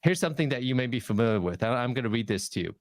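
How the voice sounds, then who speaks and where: Speaking rapid-fire in a clean, echo-free studio recording, a man presents a webinar on public speaking as a guest. His coaching style is emphatic, with lively swings in pitch.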